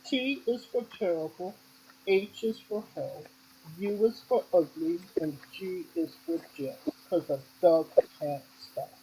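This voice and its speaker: A woman's voice: on the low side, unhurried, warm tone, slightly rough, rough recording. A woman hosting an interview who asks playful, jokey questions in a casual, upbeat way. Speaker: interview host.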